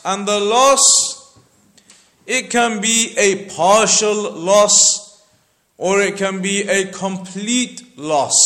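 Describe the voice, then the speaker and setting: A man giving a slow, deliberate religious lecture that explains scripture verse by verse and repeats points for emphasis. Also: high voice, fairly bright tone. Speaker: Islamic teacher.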